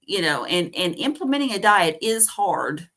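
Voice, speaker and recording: A woman's voice: mid-range voice, big pitch swings, normal speed, a bit bright. A woman hosting a casual chat, listening supportively with many brief affirmations. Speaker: host.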